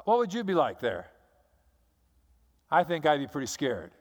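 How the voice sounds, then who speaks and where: A man's voice: fairly high pitch, wildly swooping pitch, normal speed. A man preaching a sermon as pastor, telling the story dramatically and acting out the scenes. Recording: long hall reverb.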